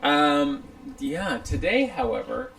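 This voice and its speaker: A woman's voice: low voice, big pitch swings, slow pace, gravelly, low-quality recording. A middle-aged woman co-hosting a casual podcast, swearing freely and telling stories with animation. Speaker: podcast co-host. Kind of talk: casual chat. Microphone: studio microphone.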